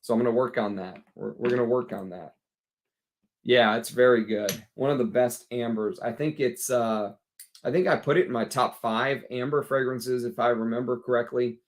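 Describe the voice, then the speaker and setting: A man's voice: mid-range voice, steady tone, normal speed. A man with a Texas accent hosting a casual livestream, tired after a long workday, chatting bluntly and answering viewers' comments. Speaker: fragrance livestream host.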